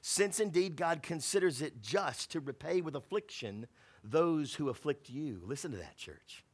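A man delivers a sermon in a voice that sits a little high for a man. He reads scripture and quotations, breaks off for jokes and friendly asides to the congregation, and moves between quiet, slowed passages and emphatic peaks. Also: expressive. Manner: conversational preaching with asides and laughs; swings from hushed to emphatic. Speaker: pastor.

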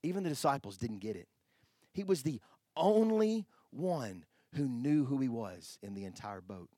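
A pastor preaching a sermon, animated, swinging from hushed asides to loud exclamations. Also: male voice, mid-range voice, normal speed, dry recording, clean studio sound.

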